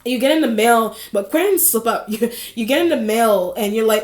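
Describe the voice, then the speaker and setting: A woman's voice: on the high side, expressive, brisk. A woman giving a casual tarot reading, rambling and repeating herself with frequent small laughs. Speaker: tarot reader. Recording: echoey room.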